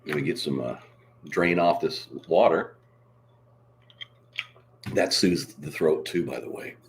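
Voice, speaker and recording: A hoarse man hosting a casual live stream, coughing now and then and reading out viewer comments in a showy way. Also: extremely low pitch, slow pace, slight background noise.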